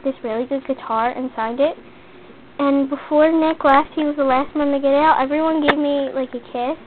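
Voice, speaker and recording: Teen girl vlogger, high voice, rambling and chatty, tinny phone-like audio with a faint hiss. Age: teens. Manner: chatty, rambling, heavy use of "like". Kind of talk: casual rambling story.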